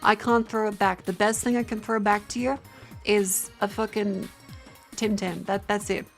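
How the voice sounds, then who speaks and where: A woman's voice: mid-range voice, steady tone, normal speed. Tired, joking Australian woman streamer. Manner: rambling, profane, self-mocking banter with chat. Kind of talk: casual livestream chat. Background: faint music.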